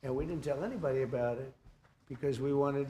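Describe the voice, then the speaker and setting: A man's voice: mid-range voice, quick pace, mellow, slight background noise. Older man rambling through joking press remarks. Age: 70s. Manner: rambling, joking, seeks agreement with "okay? right?". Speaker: politician speaking at a press event.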